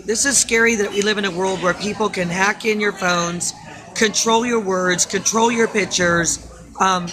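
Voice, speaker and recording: A woman's voice: mid-range voice, rough recording. A woman vlogging into her phone, tired and rambling, with nervous laughs breaking in. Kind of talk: casual phone vlog.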